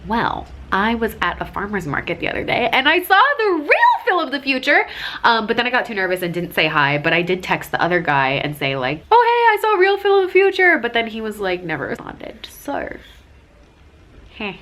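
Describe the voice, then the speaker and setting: A woman's voice: medium pitch, sing-song, normal speed, pushed and bright. A young adult woman chatting through a casual hair tutorial vlog, bubbly and full of side notes and self-mocking jokes, recorded by a camera on a tripod. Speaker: vlogger.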